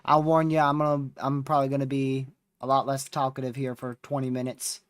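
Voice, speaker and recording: A man with a mid-range voice talks briskly on a dry, studio-quality recording. He's a storm chaser hosting a weather livestream, exhausted and yawning as he rambles through a relaxed, filler-heavy recap of the past few days.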